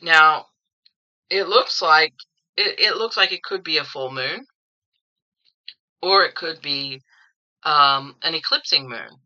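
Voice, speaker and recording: A woman's voice: deep voice, slow pace, long pauses, bright, forceful tone, muffled recording. A woman giving a casual tarot reading at home, rambling and opinionated, often repeating words as she thinks. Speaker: tarot reader.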